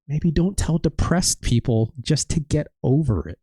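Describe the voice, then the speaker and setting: A man's voice: a little high, lively intonation, a little slow, hardly any pauses, warm tone, faint music behind. A man hosting a let's play, chatting casually and rambling with jokes and laughter over gameplay. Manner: rambling, joking, laughs often.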